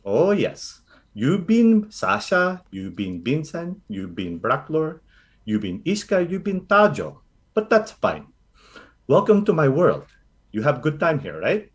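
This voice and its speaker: A man's voice: fairly high pitch, wildly swooping pitch, slow pace, pitched above the performer's own voice, exaggerated voice. A man voicing a motherly old Filipino grandmother sorceress in a tabletop game, speaking broken English with a Filipino accent and calling everyone honey. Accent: Filipino English, put on. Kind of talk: tabletop role-play voice acting.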